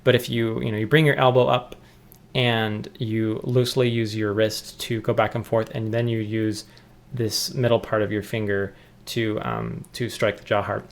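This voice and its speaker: A young adult man teaching jaw harp technique in a relaxed, explanatory way, often restarting his sentences. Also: lowish voice, moderate pace, vocal fry. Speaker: music teacher. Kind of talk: instructional tutorial.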